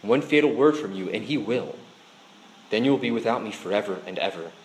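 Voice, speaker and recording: A man's voice: lowish voice, lively intonation, a little fast, roomy sound, a little hiss or hum, close to an everyday voice, poor audio. A man voicing a whispering, coaxing lizard in a read-aloud story. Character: whispering tempter lizard, male, wheedling.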